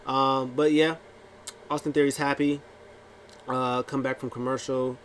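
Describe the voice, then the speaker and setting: A man talks through a wrestling episode in a loose, offhand way, stumbling over restarts and fillers. His voice sits at an ordinary mid pitch, with a faint hiss of noise underneath. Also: little pitch movement, measured pace. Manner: rambling with many fillers and restarts; acts out quotes in funny voices. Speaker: wrestling recap vlogger. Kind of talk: casual recap talk.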